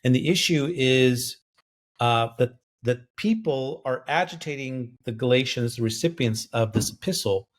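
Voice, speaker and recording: A man's voice: mid-range voice, unhurried. A man co-hosting a podcast, working through a Bible verse and thinking aloud with many fillers and grammar terms. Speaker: co-host biblical scholar. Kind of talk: explaining a Bible passage verse by verse.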